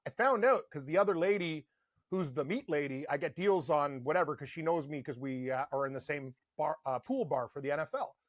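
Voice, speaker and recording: A man's voice: on the high side, a little fast, dry recording, studio quality. A man co-hosting a casual sports betting podcast from Canada, telling rambling stories packed with "like". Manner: rambling, animated storytelling with lots of "like". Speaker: podcast co-host.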